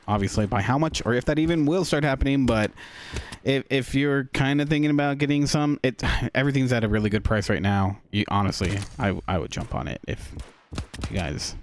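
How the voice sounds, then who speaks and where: A man co-hosting a casual gaming podcast, easygoing and quick to agree. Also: fairly low pitch, slight background noise. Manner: easygoing, frequent agreeing "mm-hmm"s. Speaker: podcast co-host. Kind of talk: casual chat.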